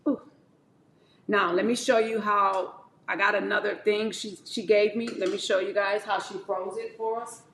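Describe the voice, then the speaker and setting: A woman chatting casually to her viewers as she juices and drinks wheatgrass shots, calling them y'all and talking in animated bursts. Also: medium pitch, moderate pace, creaky, echoey room, a little hiss or hum. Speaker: wellness vlogger. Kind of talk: casual chat to camera.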